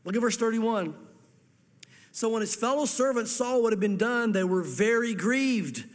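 A man's voice: very high-pitched, normal speed. A man preaching a sermon, earnest, acting out the parable's dialogue in different voices. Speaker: pastor. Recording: long hall reverb.

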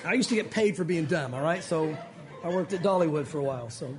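A male pastor preaching a sermon, animated and folksy, with joking asides to the congregation. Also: on the high side, quick pace, a crowd in the background.

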